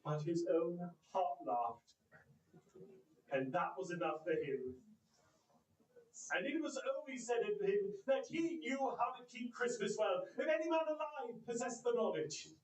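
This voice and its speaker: A man performing a theatrical one-man telling of a classic tale, animated and swinging his voice to play the characters. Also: high-pitched, measured pace. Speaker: storyteller. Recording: echoey room.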